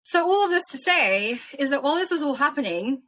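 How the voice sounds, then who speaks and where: A young woman from Ukraine, interviewed as a guest, retelling events in an animated, emotional way. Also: high voice, brisk. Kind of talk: casual interview storytelling.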